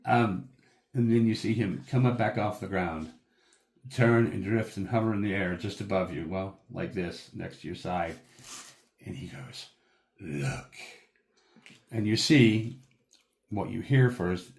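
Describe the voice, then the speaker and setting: Deep-voiced guy running a tabletop game, slow, lots of ums while describing stuff. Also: darkish tone. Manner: unhurried and descriptive, with many fillers. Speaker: game master.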